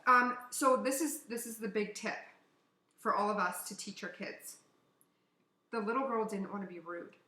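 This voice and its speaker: A woman co-hosting a casual podcast from Canada, telling a story in an animated way, swearing and acting out what people said. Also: medium pitch, moderate pace. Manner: animated, swearing, acts out quotes. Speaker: podcast co-host. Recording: echoey room.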